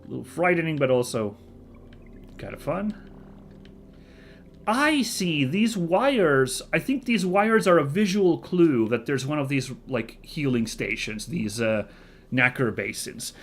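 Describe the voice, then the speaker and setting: A man's voice: on the high side, lively intonation, measured pace, slight background noise. A man hosting a casual let's-play video, chatty and thinking aloud with frequent fillers and self-corrections. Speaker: gaming video host.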